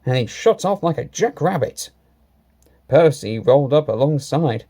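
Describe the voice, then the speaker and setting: A man reading a children's railway story in an animated, sing-song voice. His tone is mellow and soft-edged, and he tells the story with clear expression. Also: mid-range voice, a little slow.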